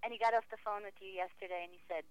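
A woman's voice: mid-range voice, fairly even intonation, rapid-fire, smooth, no echo, muffled recording. A woman guest, a lawyer, joking wryly in casual chat. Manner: joking, wry.

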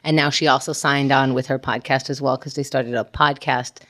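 A woman co-hosting a podcast, telling an animated story in casual chat, laughing often and swearing freely. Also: very deep voice, normal speed.

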